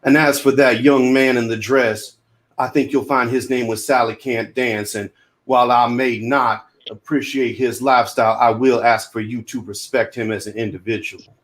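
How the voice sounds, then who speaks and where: A man's voice: medium pitch, fairly even intonation, normal speed, lightly acted. A man playing an earnest, courtly Southern ex-con action hero who speaks formally about respect and his wife.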